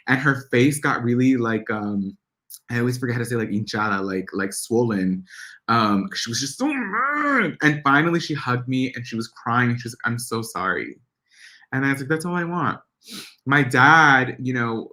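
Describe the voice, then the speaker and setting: A young man from Central America talks to a live audience as a guest speaker. He is animated and candid, and he slips into mimicking his relatives' voices as he tells stories. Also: medium pitch. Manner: animated storyteller, acts out family voices.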